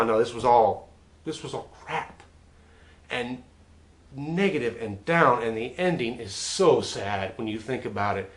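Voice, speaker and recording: A man hosting his own film review show, talking through a classic western in a casual, chatty way and often repeating words as he restarts a thought. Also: medium pitch. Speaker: movie reviewer.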